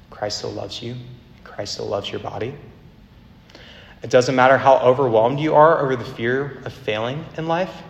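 A man preaching a sermon as a campus minister, earnest, with a repetitive cadence that slows down for emphasis. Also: lowish voice, creaky, a little hiss or hum. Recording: echoey hall, faint ambience.

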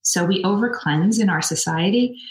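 A woman's voice: medium pitch, normal speed, roomy sound, rough recording. A woman dermatologist giving practical skin-care advice in an interview. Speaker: dermatologist guest. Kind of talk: expert interview answers.

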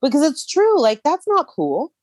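A woman's voice: sits high, moderate pace, no echo, studio quality. A woman co-hosting a podcast, chatting casually and bluntly about a reality show. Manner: blunt, opinionated, lively. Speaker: podcast co-host.

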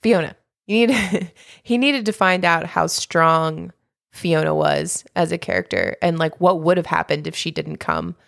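Woman, podcast host, gravelly low voice, rambling, laughing, dry close mic. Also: expressive, measured pace, a bit bright, dry recording. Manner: rambling, laughing, acts out quotes. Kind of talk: casual chat.

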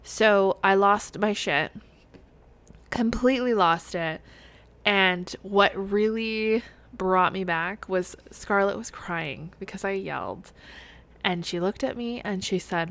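A woman's voice: medium pitch, slow, a bit bright. A woman in her thirties hosting a solo podcast, talking candidly and chattily with many fillers. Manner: candid, chatty, heavy use of "like". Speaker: podcast host. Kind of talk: solo podcast confessional chat.

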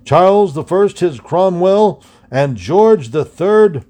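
A man's voice: sits high, animated, takes it slowly, warm tone. A man voicing a fiery young colonial orator who thunders his speech and stresses each word. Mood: thundering.

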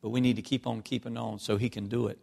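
A man preaching a sermon, telling personal stories with emotion, swinging from hushed tones to loud outbursts. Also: mid-range voice, little pitch movement, fast, creaky. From North Carolina. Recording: long hall reverb.

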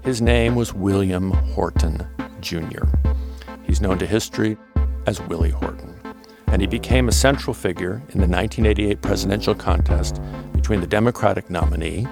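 A man hosting a political history podcast, reading a measured scripted narration. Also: low-pitched, vocal fry, over music. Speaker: podcast host.

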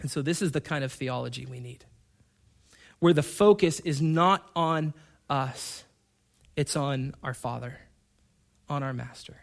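A man's voice: medium pitch, unhurried, vocal fry, long pauses. A male pastor preaching a sermon to his church, emphatic and repetitive, addressing the congregation directly.

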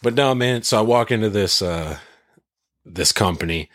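A man in casual conversation, telling stories in an animated, profane way. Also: fairly low pitch, normal speed, no room sound, clean studio sound. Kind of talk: casual chat.

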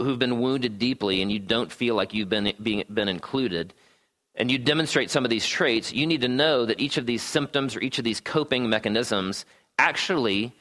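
Male preacher, sermon, conversational, wry asides, bright tone. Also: mid-range voice. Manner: conversational, often tags "right?", wry asides. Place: church gathering room.

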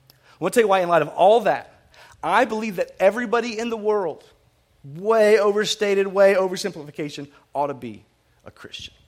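A man with a fairly high voice delivers a sermon in a loose, conversational way. He doubles back on his words and corrects himself, and he slips in jokes and personal asides between points about faith. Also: fairly quick. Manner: conversational, self-correcting and repetitive, with asides and humor. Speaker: pastor.

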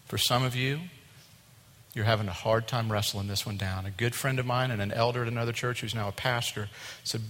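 A middle-aged male pastor preaching a sermon with a mic, swinging between loud passion and hushed tones. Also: medium pitch, steady tone, brisk. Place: church. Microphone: wearing a mic. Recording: long reverb of a large hall.

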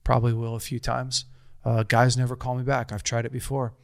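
A man's voice: mid-range voice, flat delivery, fairly quick, gravelly, dry recording, studio quality. A man in his thirties telling a personal story in casual conversation, earnest and rambling, with frequent restarts.

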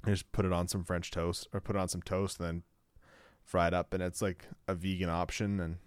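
A man with a very low voice chatting casually as a co-host. He rambles, restarts his sentences and leans on filler words. The sound is dry and close. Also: flat delivery, brisk, no room sound. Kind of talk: casual chat.

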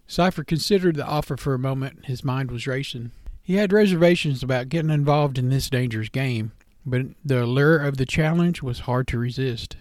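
Guy reading a story out loud, plain unpolished delivery, little stumbles, dry sound. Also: mid-range voice, fairly quick, dry recording. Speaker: narrator.

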